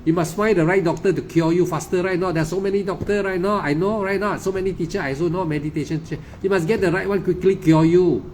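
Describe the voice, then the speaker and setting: A man's voice: high voice, steady tone, fast, few pauses, darkish tone, slight background noise. A man giving an informal dharma talk as a meditation teacher. He fires off rhetorical questions, keeps checking with "right? not?", chuckles often and acts out what other people say.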